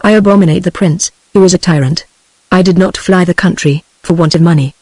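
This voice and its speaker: A synthetic British woman reading the part of a desperate man, an outlaw poet both ardent and a little mad. The audiobook delivery stays flat and machine-made, and the audio is completely dry with no room sound. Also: lowish voice, a little fast, dry recording, natural voice. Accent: British English. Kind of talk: text-to-speech audiobook reading.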